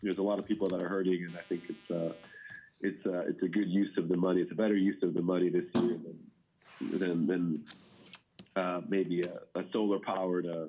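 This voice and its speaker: A middle-aged man briefing a public board meeting as plan consultant, measured, with many fillers and restarts. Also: low-pitched, little pitch movement, mellow, slight background noise. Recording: dull municipal meeting audio.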